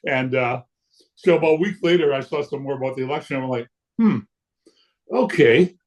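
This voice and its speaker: A man, a guest telling stories in casual chat, lively and blunt, acting out what people said and swearing freely. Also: medium pitch, fast talker. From Canada. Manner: lively storyteller who acts out quotes and swears freely. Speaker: guest punk musician. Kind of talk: casual storytelling.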